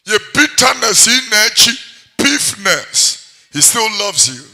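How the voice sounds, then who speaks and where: A man preaching a sermon. He swings between loud passages and quiet ones and breaks into song now and then. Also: high voice, very animated, unhurried, vocal fry. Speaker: pastor.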